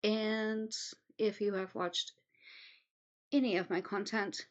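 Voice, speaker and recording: A woman talks her way through casual commentary from home, rambling and chatty with frequent "um"s. Her voice sits at an ordinary middle pitch. The recording is a little dull and muffled. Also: steady tone, takes it slowly. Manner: rambling, chatty, many ums. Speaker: commentary host.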